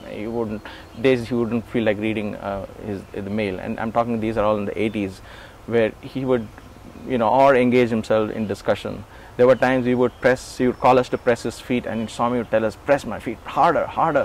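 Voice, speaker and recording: A man's voice: on the low side, fairly quick, slight background noise. A man in his forties recounting memories in an interview, acting out the voices in his stories with chuckles and restarts. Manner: animated, acts out quoted dialogue. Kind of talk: storytelling recollection.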